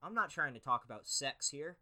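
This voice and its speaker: A man's voice: on the high side, expressive, a little fast, sharp tone. A man hosting a solo podcast, reading aloud and reacting with sarcastic, profane, mock-outraged commentary. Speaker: podcast host.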